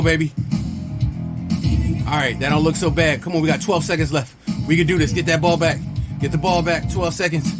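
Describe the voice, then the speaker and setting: Chatty slangy man playing a game. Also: on the high side. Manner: chatty, slangy, cheering himself on. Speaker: gaming channel host. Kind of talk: casual gameplay commentary.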